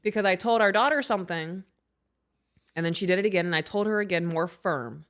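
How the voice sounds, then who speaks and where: A woman in her thirties co-hosting a casual podcast, reading aloud and telling animated stories about her kids. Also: fairly low pitch, a little fast. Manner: animated storyteller, acts out her own raised voice. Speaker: podcast co-host.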